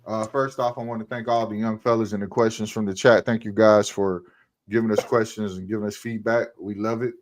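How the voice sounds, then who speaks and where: A man with a fairly low voice hosts a casual sports podcast. He talks loudly and teases the others, laughing often between remarks. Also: fairly even intonation, fairly quick. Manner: loud, teasing, laughs often. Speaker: podcast host.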